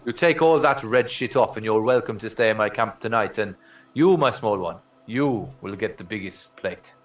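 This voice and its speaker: A man voicing a tall, rough human leader of a swamp camp who talks bluntly and haltingly. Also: fairly low pitch, far from the mic, lo-fi sound, faint music behind, close to an everyday voice. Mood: welcoming.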